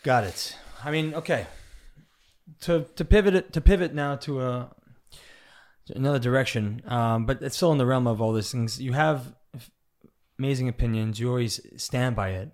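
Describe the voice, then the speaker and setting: A man hosting an interview, chatty and loose, with lots of fillers and quick agreements. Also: mid-range voice, darkish tone. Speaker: host, interviewer. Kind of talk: casual interview chat.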